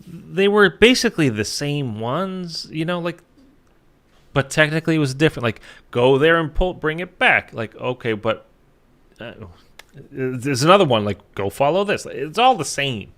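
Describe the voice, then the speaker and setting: A man's voice: a little high, lively intonation, normal speed, a bit bright. A man talking casually to his viewers about a game as a YouTuber, rambling with lots of fillers and the odd swear, tired from little sleep. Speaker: gaming YouTuber.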